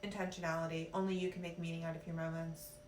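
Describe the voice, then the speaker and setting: A woman's voice: low voice, flat delivery, fast, a little hiss or hum. A woman life coach giving a live-streamed motivational talk, brash and profane, calling her listeners cuties. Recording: roomy, a little off-mic, faint ambience.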